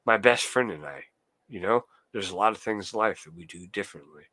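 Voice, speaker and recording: This young streamer's voice is fairly low, animated, brisk, pushed and bright, captured in a dry recording. He goes on a profane, heated rant, responding to his chat as he talks.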